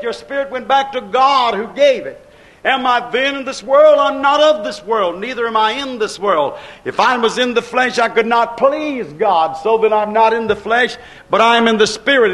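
Preacher guy with a really high voice, slow drawn-out stresses, builds to shouting. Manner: repetitive, rhythmic preaching cadence. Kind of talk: sermon.

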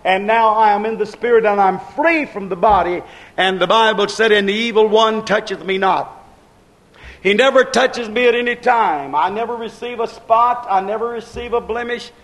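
A man preaching a sermon in a rhythmic, repetitive cadence, drawing out his stresses and rising to shouts. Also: sits high. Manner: preaching with slow, drawn-out stresses and shouted peaks.

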